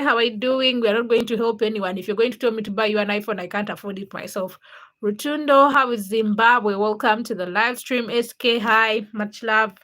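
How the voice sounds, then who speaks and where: A woman from Uganda with a fairly high, pushed, bright voice hosts a livestream. Casually reading viewer comments, she greets viewers by name and teases them.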